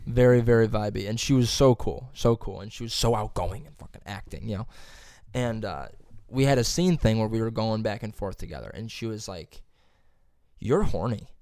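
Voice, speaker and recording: A young man chatting as a podcast co-host, telling rambling, profane stories and acting out quotes loudly. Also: on the low side, fairly quick, clean tone, no echo, clean studio sound. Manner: animated, acts out quotes loudly. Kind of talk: casual chat.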